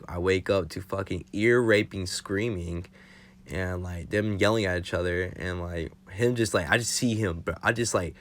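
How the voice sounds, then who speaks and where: For his vlog, a young man tells a casual storytime, rambling, swearing freely and using lots of fillers. His voice sits low with a slightly bright quality.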